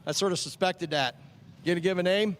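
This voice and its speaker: A man's voice: high-pitched, fairly quick, a bit bright. A man working as a track chaplain, chatting with kids in a friendly, joking way and repeating their names back to them, outdoors at a speedway. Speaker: track chaplain handing out ice cream vouchers. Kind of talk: casual chat with kids over a PA.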